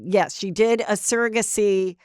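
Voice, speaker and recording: A woman's voice: mid-range voice, fairly even intonation, moderate pace, darkish tone, smooth, dry recording, studio quality. A woman hosting a podcast, chatting in a blunt, gossipy way with lots of fillers. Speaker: podcast host. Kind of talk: gossipy casual chat.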